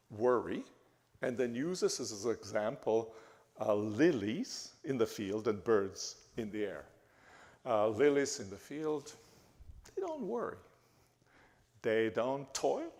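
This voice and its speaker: Lively halting man in a church. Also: medium pitch. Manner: halting, many restarts and fillers. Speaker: guest speaker. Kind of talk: church lecture. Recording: reverberant church hall.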